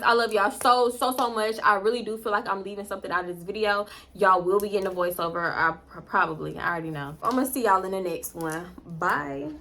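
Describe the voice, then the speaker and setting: Animated, bright-voiced young woman vlogger. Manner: animated, swings into loud high-pitched acted quotes. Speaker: storytime vlogger. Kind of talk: casual storytime chat.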